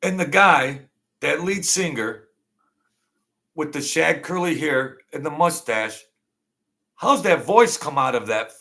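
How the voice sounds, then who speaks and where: A man's voice: on the high side, expressive, takes it slowly, pauses often, bright, forceful tone. A middle-aged man hosting a casual late-night livestream from home, rambling and joking with lots of fillers. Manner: rambling, reminiscing, jokey, with many fillers. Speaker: livestream host.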